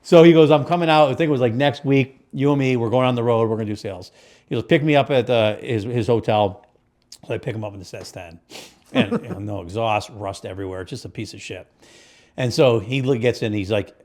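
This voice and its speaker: Fast-talking and medium-pitched, this podcast co-host speaks with a Connecticut accent. His storytelling is casual, energetic and full of profanity, and he plays out the people he describes.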